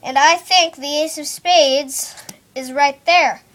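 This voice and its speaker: A woman performing a card trick while telling it as a story, spelling letters out one by one in a slow, deliberate way. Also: high-pitched, a bit bright. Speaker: magician.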